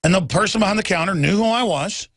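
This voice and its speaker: A man's voice: high voice, quick pace, a bit bright, dry recording. A middle-aged male talk show host delivering an impassioned monologue. He rants and acts out other people's lines as he goes.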